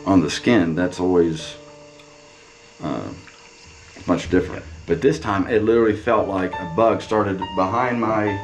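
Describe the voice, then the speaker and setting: A man with a fairly low voice speaks in a halting, restarting way inside an old cabin. He is picked up on a camera mic, with loud music laid over the location sound. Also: low-quality recording. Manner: halting, full of restarts and fillers. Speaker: paranormal investigator. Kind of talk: casual on-location talk.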